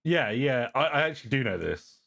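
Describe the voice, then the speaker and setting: A man's voice: medium pitch, very animated, brisk, vocal fry, a bit bright. A man giving casual, rambling commentary on a video as a streamer, often repeating himself and calling the viewer "bro".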